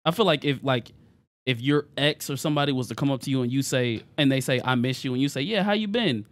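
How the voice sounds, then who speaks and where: A man's voice: medium pitch, fast talker, no echo. A young man co-hosting a podcast in a casual group chat, arguing his point and often saying "bro". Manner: argumentative, says "bro" a lot. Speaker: podcast co-host.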